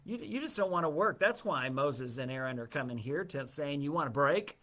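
A dismissive, irritated Pharaoh who scolds and piles on demands, as a Bible teacher plays him, in a slightly high man's voice. He talks down to his listeners in a plain, conversational way. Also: expressive, normal speed, bright, forceful tone. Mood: scornful. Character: scornful, irritated male Pharaoh.

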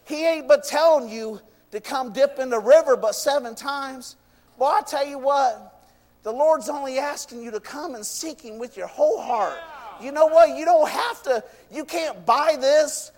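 High-voiced fervent man preaching. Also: normal speed, darkish tone. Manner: fervent, repeats "you know what" and "I tell you". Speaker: pastor. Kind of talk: sermon. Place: church. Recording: long reverb of a church hall.

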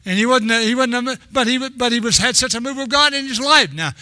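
A man's voice: very high voice, fairly quick, sharp tone, no room sound. An older man preaching a sermon in a rambling, storytelling way, often restarting his sentences.

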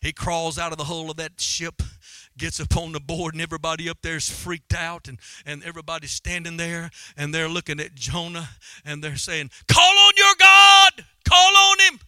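A man preaching a sermon with fervent, dramatic energy. His voice sits high for a man, and his tone is strikingly bright and cutting. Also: level tone, normal speed, no room sound. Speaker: pastor.

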